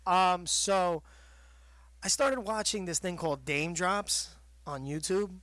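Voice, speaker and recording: A man's voice: high-pitched, slow, a bit bright, dry recording. A man hosting a wrestling radio show in rambling, jokey casual chat. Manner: rambling, jokey, laughs a lot.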